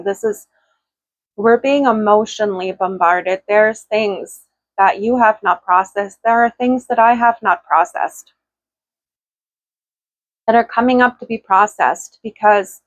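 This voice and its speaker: A woman's voice: medium pitch, no echo, dull audio. Tearful, heartfelt woman sharing a spiritual message. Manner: soft, heartfelt, pausing often. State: choked up, tearful. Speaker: spiritual channel host. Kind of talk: personal spiritual talk to viewers.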